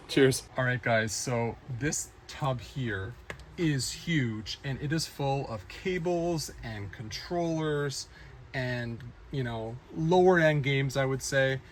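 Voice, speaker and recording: Man, casual shop vlog, chatty, mid pitch, faint room ambience. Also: a little hiss or hum. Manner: chatty, upbeat, laughs easily. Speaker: retro game store owner. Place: indoor retro game store.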